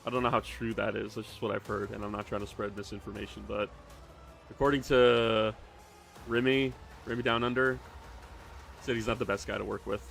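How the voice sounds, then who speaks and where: A man's voice: lowish voice, flat delivery, fairly quick, creaky, a bit bright, faint music behind. A man streaming casually from his hobby room, rambling, swearing now and then and reading out chat messages.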